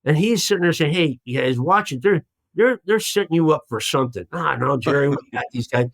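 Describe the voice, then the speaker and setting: Animated older man telling a story. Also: on the high side, fairly quick, no room sound. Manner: animated storyteller acting out quoted voices. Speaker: guest, former hostage. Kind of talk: storytelling in a podcast interview.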